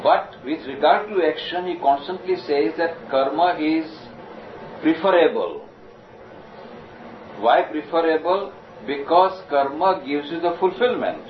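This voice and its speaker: A man giving a measured, explanatory scripture lecture and slowly reciting Sanskrit verses. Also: on the high side. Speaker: spiritual lecturer. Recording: distant, roomy, dull lo-fi recording with noise.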